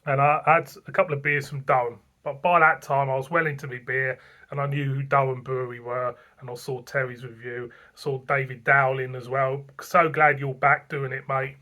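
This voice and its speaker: Here the beer review host's mid-range voice comes out flat and sharp at a moderate pace. It's casual anniversary vlog storytelling, chatty and meandering, with repeated phrases, plenty of fillers and the odd chuckle.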